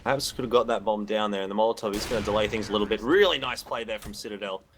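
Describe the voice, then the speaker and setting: A man calling an esports match play by play in a steady, measured way. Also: fairly low pitch, slight background noise. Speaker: esports caster. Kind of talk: play-by-play commentary.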